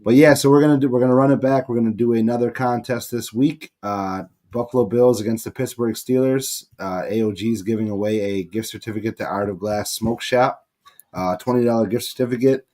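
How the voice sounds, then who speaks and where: A man hosting a sports podcast and running through contest details, steady with frequent filler sounds. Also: mid-range voice, fairly quick.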